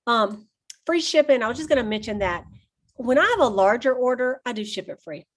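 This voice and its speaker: A woman's voice: a little high, lively intonation, fairly quick. A woman, casually talking to her sales team on a call, chatty and full of stories, laughing often. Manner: chatty storyteller, addresses listeners as y'all, laughs often.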